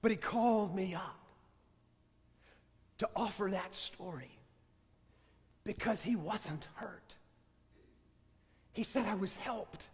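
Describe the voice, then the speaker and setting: A man, a priest, preaching a sermon and telling a story in a soft, measured way with long pauses. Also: high-pitched, in a large hall.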